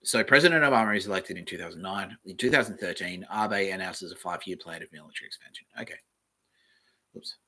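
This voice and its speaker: An Australian man hosts a solo podcast, reading aloud in a meandering, offhand manner and swearing casually. His deep voice is fast, bright and forceful.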